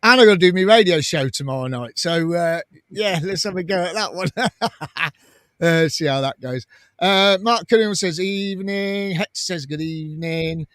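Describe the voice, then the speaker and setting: A man with a fairly high voice hosts a casual live fan stream. He reads viewer comments aloud in a chatty way and laughs often. The sound is close and dry, with no room around it. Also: moderate pace, fairly bright tone, no echo. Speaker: fan channel host.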